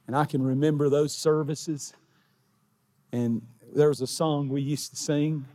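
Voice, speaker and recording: Man, middle-aged, pastor, sermon, fairly high voice, fervent, shouts at times. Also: fairly even intonation, a little slow. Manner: fervent preaching that builds to shouting. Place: church sanctuary.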